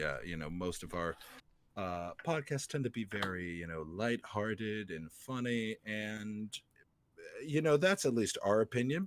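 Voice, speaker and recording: A man hosting a podcast in casual chat, rambling and joking with many filler pauses. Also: lowish voice, sing-song. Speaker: podcast host.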